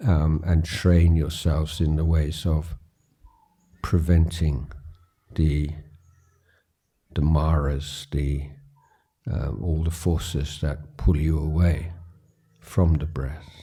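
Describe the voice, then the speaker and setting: A man in his later years leading a guided meditation, speaking slowly and haltingly with pauses and fillers. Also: rumbling low, little pitch movement, mellow, breathy edge. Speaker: meditation teacher. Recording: recorded at a retreat.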